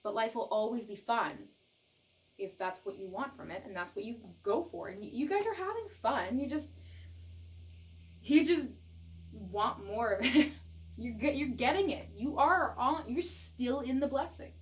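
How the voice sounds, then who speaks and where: A young adult woman from Canada giving a casual tarot reading straight to viewers, laughing often and repeating herself in her excitement. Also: on the high side, a little slow. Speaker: tarot reader.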